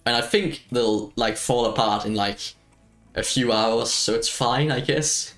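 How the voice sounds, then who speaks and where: A man's voice: mid-range voice, unhurried, a bit bright, soft background music. A man streaming a video game, chatting casually as he plays, rambling and self-mocking and laughing often. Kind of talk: casual gameplay chat.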